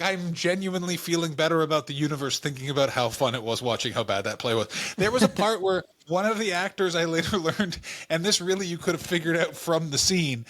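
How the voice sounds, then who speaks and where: A man from Canada co-hosting a comedy podcast, telling stories in animated, quick asides. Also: a little high. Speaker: podcast co-host. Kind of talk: casual comedic chat.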